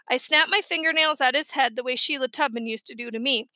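Bright, high-voiced woman reading aloud. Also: quick pace, hardly any pauses, no echo. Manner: lively, expressive reading. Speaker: audiobook reader. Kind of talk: children's audiobook narration.

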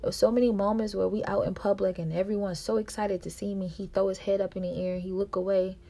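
A woman podcast host, telling a personal story in a monologue and acting out quarrels in a louder, higher voice. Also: little pitch movement, fast, gravelly. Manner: reenacts quarrels with raised pitch and volume.

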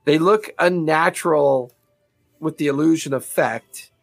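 A man's voice: on the high side, measured pace, vocal fry, no room sound, faint music behind. A man narrating as game master of a tabletop game, rambling with many fillers and laughing often.

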